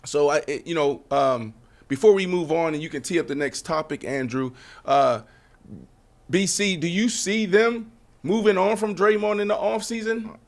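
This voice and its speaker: Animated, high-voiced male podcast host. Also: moderate pace. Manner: animated, swearing, laughing at trolls. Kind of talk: casual sports talk.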